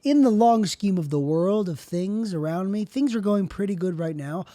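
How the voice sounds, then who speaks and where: A man's voice: sits high, lively intonation, moderate pace, warm tone, dry recording. A young man hosting a podcast, talking alone in a rambling way, repeating and rewording his own lines. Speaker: podcast host. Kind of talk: rambling solo monologue.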